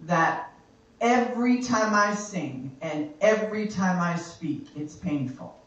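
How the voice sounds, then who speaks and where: A woman worship leader giving a spoken exhortation in a church, slow and emphatic, repeating her phrases for effect. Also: fairly low pitch, expressive, dull audio. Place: church sanctuary. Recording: very echoey church hall from far off.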